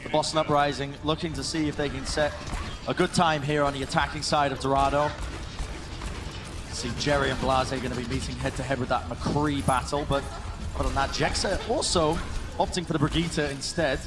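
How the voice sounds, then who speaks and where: A man doing fast, excited play-by-play commentary on an esports match. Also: mid-range voice, music in the background. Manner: excited, builds to shouts on big plays. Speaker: esports caster.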